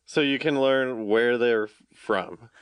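Man, podcast co-host, joking, opinionated, mid pitch, dry mic. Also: slow pace, clean tone, no room sound. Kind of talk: casual chat.

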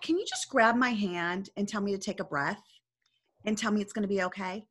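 A woman's voice: medium pitch, fairly quick, fairly bright tone, slightly rough. A woman coach talking earnestly in a casual discussion, telling a story and often checking in with "right?".

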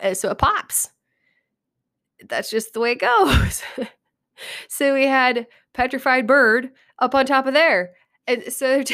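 Laughing, swearing woman podcast host. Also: mid-range voice. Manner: laughing, swearing, animated storyteller. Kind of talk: casual storytelling chat.

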